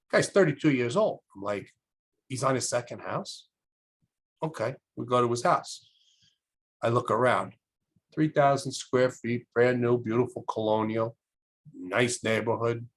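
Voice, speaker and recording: A man's voice: measured pace, long pauses. A middle-aged man, a guest telling stories and acting out the voices of people in them. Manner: acts out quoted voices with big pitch jumps. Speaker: podcast guest, electrical contractor. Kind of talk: animated storytelling.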